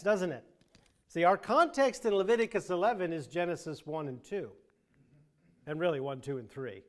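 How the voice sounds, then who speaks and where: Higher-voiced man teaching a Bible class. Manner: thinking aloud with frequent restarts and dry asides. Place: church classroom.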